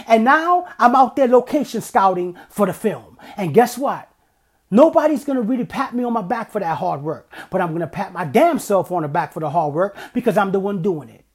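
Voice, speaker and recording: Husky guy with a high voice, podcast host preaching hard work, pitch jumping all over, blunt and swears a lot. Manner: emphatic, blunt, swears freely. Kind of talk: motivational monologue.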